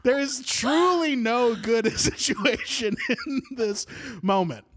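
A man in his twenties casually telling a funny personal story on a podcast, animated, laughing through his words and swearing freely. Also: very high voice, slow. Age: 20s.

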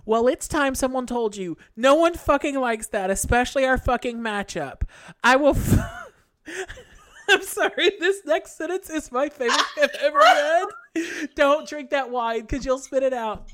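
A woman's voice: high voice, very animated, normal speed, fairly bright tone. A woman reading an angry email aloud in casual chat, acting it out with profanity and breaking into laughter.

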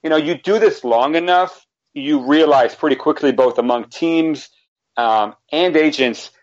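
A man's voice: a little high, measured pace. Rambling man on a dull lo-fi line. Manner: rambling, many restarts and fillers. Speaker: basketball draft analyst. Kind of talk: casual podcast discussion.

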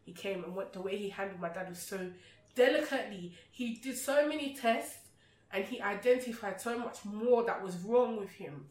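A woman, a podcast guest telling a personal story in an outspoken, animated way. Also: mid-range voice, normal speed. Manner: outspoken, animated, acts out remembered exchanges. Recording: roomy sound from a distant mic.

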